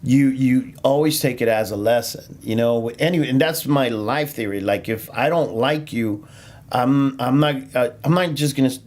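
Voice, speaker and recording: A man's voice: mid-range voice, moderate pace, darkish tone. A man who does stand-up comedy, telling stories on a casual podcast with plenty of fillers, restarts and laughter. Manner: rambling, laughs often, lots of fillers and restarts.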